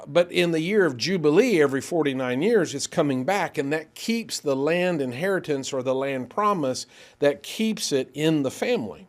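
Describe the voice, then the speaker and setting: A man preaching in a church, teaching a Bible class and reading scripture aloud, animated and speeding up when excited. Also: medium pitch.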